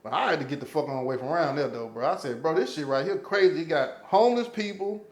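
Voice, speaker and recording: A man spins a street story in relaxed podcast talk, swearing often and voicing each person he quotes. His voice sits high, and the room around him rings with echo. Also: fast. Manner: profane, animated storyteller, acting out quotes. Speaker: podcast guest. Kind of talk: casual storytelling chat.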